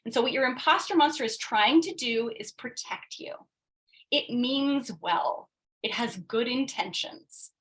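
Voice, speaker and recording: Animated woman leading a coaching workshop. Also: fairly high pitch, low-quality recording. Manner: animated, acts out quoted voices, frequent tag questions. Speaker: workshop presenter. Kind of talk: interactive coaching workshop talk.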